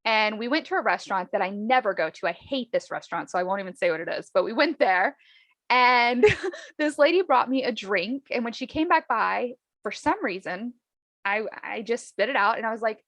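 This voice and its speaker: A woman chatting casually about her own life, acting out the people in her stories with lively voices. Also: on the high side, brisk, no echo. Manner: animated, acts out dialogue in lively voices. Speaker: podcast host, guest. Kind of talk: casual storytelling chat.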